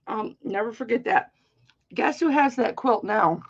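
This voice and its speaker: Middle-aged woman host, chatty and rambling, slow delivery, muffled lo-fi stream sound. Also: mid-range voice, animated, a bit bright, breathy edge. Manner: chatty, rambling, playful storytelling. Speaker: live-stream jewelry auction host. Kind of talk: casual live-stream chat.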